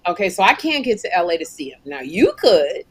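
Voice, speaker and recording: A middle-aged woman co-hosting a comedy podcast, chatting casually and telling animated stories with acted-out quotes. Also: on the low side, fairly quick, husky. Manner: animated storyteller, acts out quotes. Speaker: podcast co-host.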